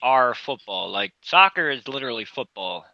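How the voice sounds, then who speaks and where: A man's voice: medium pitch, very animated, moderate pace, gravelly, dull audio, a crowd in the background. A man from the United States co-hosting a casual podcast, making self-deprecating jokes with some mild swearing. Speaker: podcast co-host.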